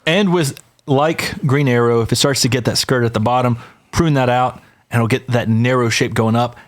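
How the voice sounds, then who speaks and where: A man's voice: mid-range voice, fairly even intonation, normal speed. A man co-hosting a podcast, talking casually and with enthusiasm, who says "y'all" to listeners. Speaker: podcast co-host.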